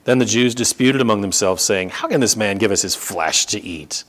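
A man preaching a sermon, reading scripture aloud and explaining it, repeating words for emphasis and slowing down to stress key phrases. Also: fairly low pitch, a bit bright.

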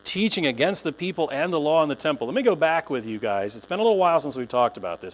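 A male pastor preaches in a chatty, animated way, breaking into quick voices for the people he talks about. His speech swoops up and down, sitting a touch high for a man. A faint electrical hum runs under the recording. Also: low-quality recording. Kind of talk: sermon. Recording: low mains hum.

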